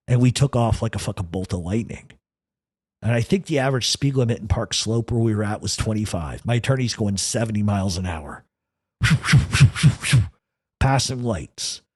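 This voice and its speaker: A man with a husky, slightly rough voice recounts a true crime story in first person. He talks with intensity and peppers nearly every line with profanity. The recording is dry and close, with no room sound. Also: mid-range voice, darkish tone, dry recording. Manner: profane, intense, rapid retelling.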